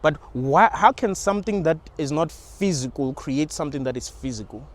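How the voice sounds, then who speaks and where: A man's voice: on the high side, expressive, moderate pace. A young man talking in a rambling, informal monologue about spirituality, with slang and frequent restarts. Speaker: channel host.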